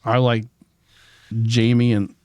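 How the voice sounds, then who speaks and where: A man's voice: medium pitch, level tone, slow pace, darkish tone, clear, resonant tone, dry recording, studio quality. A man hosting a casual podcast chat. He is a little tipsy, and he talks in a rambling way with plenty of swearing. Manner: profane, rambling. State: slightly tipsy. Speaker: podcast host.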